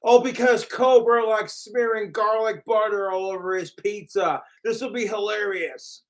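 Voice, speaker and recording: A man ranting on a live stream from his apartment, his voice sitting high for a man. He drags his words out slowly, swearing constantly and mocking others as he rambles along. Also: fairly even intonation. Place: home apartment.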